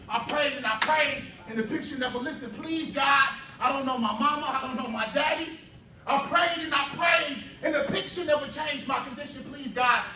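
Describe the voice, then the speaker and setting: A man giving an impassioned spoken word performance at a youth summit, building rhythm through repetition and shouting at the peaks. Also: very high voice, noisy background. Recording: echoey hall from far off with faint ambience.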